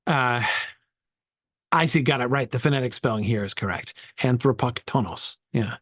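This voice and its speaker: A man's voice: medium pitch, normal speed, fairly bright tone, no echo, studio quality. A man leading an informal Bible study, thinking aloud and sounding out Greek words as he goes.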